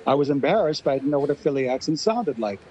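A man speaking as a linguist guest in a radio discussion, quick and emphatic as he argues his point. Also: fairly high pitch, very animated, mellow, rough recording.

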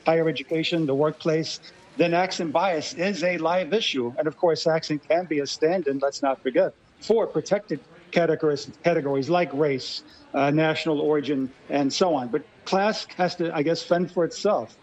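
A man's voice: fairly high pitch, moderate pace, a little mellow, low-quality recording. A man from Los Angeles, a radio guest, arguing his points articulately. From Los Angeles, USA. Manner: articulate, argumentative. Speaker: guest commentator. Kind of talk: radio discussion.

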